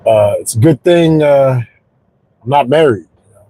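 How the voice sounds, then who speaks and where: Driving home, a comedian in his forties tells jokes for his podcast as a stand-up style story monologue, shouting his punchlines for punch. He speaks at medium pitch and moderate pace, on a dry recording with poor audio.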